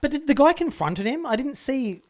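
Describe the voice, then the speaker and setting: A man's voice: very high-pitched, big pitch swings, normal speed. A man, co-hosting a casual chat, telling rambling, self-deprecating stories with hesitant restarts. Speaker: podcast co-host.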